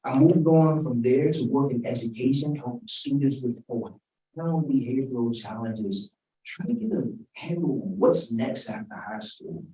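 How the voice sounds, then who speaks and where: A man's voice: mid-range voice, measured pace, mellow. Man, 40s, keynote speaker, joking conversational delivery, distant mic. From Washington, D.C. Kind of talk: keynote speech. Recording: roomy sound, mic at a distance.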